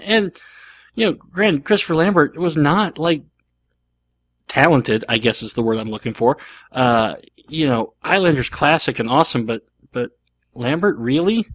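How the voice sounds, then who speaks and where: A man's voice: mid-range voice, a bit bright, no room sound. A man hosting a podcast, talking casually and rambling animatedly, with frequent fillers and restarts. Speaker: podcast host. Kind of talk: casual solo podcast monologue.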